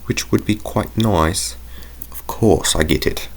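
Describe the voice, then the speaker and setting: Young male gamer, deep voice with heavy fry, loose rambling commentary, thinks out loud. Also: takes it slowly. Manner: rambling, drifts into tangents and talks to himself. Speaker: gaming video creator. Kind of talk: casual gameplay commentary.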